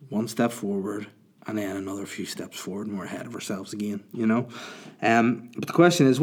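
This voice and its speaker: A man's voice: on the low side, darkish tone. Rambling, crude man hosting a podcast. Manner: rambling, crude, self-mocking storytelling. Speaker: podcast host and comedian. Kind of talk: casual comedic podcast chat.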